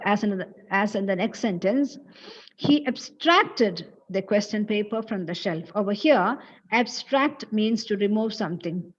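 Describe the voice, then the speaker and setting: A woman from Kerala with a Malayali English accent, giving an online English lecture and repeating each example slowly. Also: a little high, a little mellow. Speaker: college English teacher. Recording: lo-fi online class audio.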